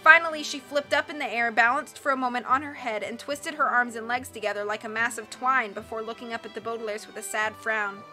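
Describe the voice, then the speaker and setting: A woman reading a storybook aloud as narrator with steady, clear delivery. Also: a little high, fairly quick, hardly any pauses, faint music behind. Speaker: audiobook reader.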